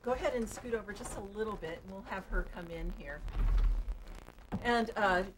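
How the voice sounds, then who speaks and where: A woman's voice: mid-range voice, moderate pace, a little hiss or hum, low-quality recording. A woman hosting a studio talk show, asking a guest earnest questions. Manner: earnest questions, laughs easily. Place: local TV studio.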